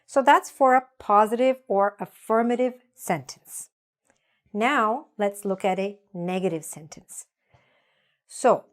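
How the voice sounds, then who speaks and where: A woman teaching an English grammar lesson, speaking deliberately and leading repeat-after-me drills. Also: medium pitch. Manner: slow, deliberate, drills with repetition.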